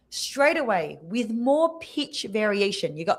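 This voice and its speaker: A woman speaking coach, a podcast guest on a video call, explaining clearly and showing examples with her voice. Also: mid-range voice, measured pace, hardly any pauses. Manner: expressive, demonstrates voices while teaching.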